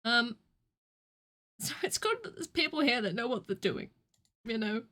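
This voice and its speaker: A woman streamer chatting casually over a game, self-mocking and prone to sudden loud shouting. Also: on the high side, lively intonation, unhurried. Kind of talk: casual gameplay commentary. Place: home.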